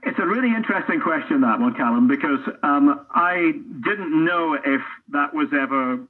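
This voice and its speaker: Husky middle-aged man on a tinny line. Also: a little high, expressive, normal speed. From Scotland. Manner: earnest, thoughtful, restarts often. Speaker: football commentator, interview guest. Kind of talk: reflective casual interview talk. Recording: tinny phone-line audio.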